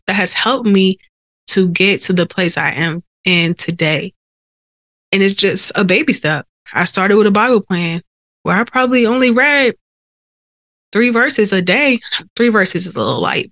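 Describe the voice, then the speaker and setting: A woman hosts a faith podcast and shares her own story in an earnest, conversational manner. Her held breaths and sighs come through on a sensitive close microphone. The sound is dry, and her voice sits in a middle pitch. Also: a bit bright, dry recording. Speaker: podcast host. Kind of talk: faith-based personal testimony.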